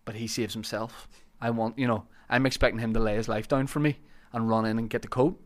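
A man's voice: medium pitch, brisk. Comedian guy on a podcast, chatty, acts out the bits as he tells em. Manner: animated storyteller, acts out shouted quotes. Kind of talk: casual chat.

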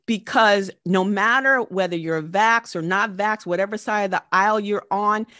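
A woman's voice: mid-range voice, moderate pace, bright, forceful tone, dry recording, studio quality. A woman in a casual podcast chat, upbeat and encouraging.

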